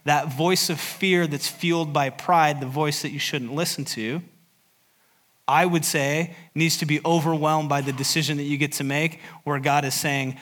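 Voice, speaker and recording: A man's voice: a little high, steady tone, moderate pace, a bit bright. A male pastor preaching a sermon at a church service, earnest, driving points home by repeating phrases.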